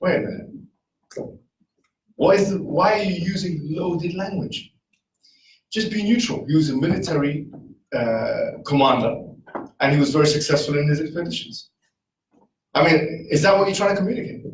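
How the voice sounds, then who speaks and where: A man giving a casual, argumentative talk to a live audience, full of rhetorical questions and quick asides. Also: high-pitched, roomy sound, recorded from a distance, a little hiss or hum, low-quality recording. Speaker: speaker.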